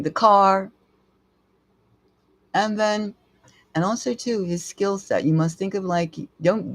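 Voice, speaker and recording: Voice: mid-range voice, dry recording. Blunt, emphatic live tarot reader. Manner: blunt, emphatic advice with repeated phrases; rambling, restarts mid-sentence.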